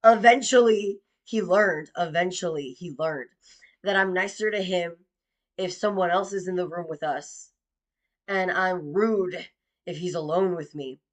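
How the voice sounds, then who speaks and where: A woman's voice: on the low side, unhurried. A young woman tells a personal story straight to the listener. Her delivery is sarcastic and mocking throughout, and she swears freely.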